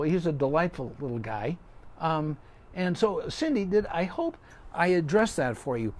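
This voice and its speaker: Patient, lively-voiced veterinarian man. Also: fairly high pitch, normal speed. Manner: patient, explanatory, folksy sayings. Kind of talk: live Q&A advice session.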